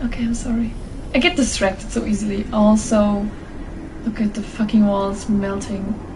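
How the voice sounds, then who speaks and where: A woman streaming a game live, excitable, swearing and squealing often. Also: medium pitch, normal speed. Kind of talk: live gameplay reactions. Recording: loud game music and noise behind.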